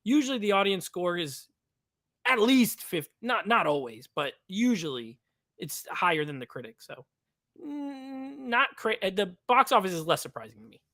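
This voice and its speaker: A man's voice: high-pitched, very animated, normal speed, pushed and bright, dry recording, clean studio sound. A man co-hosting a casual movie review chat over a video call, rambling and filling his talk with "like.". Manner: rambling, heavy use of "like". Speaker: podcast co-host.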